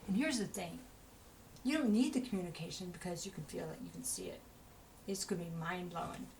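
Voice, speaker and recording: A woman's voice: fairly low pitch, expressive, a little fast, darkish tone, a little hiss or hum, poor audio. A woman giving a casual spoken tarot reading, chatty and rambling, with many asides to the listener and an encouraging tone. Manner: chatty, rambling, full of "you know" asides; encouraging, talks straight to the listener. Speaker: tarot reader.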